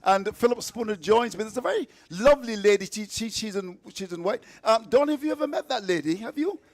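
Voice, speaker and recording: A man's voice: sits high, expressive, a little fast, dry recording. A man hosting live radio cricket commentary, chatty and playful, reading out the scorecard with stumbles.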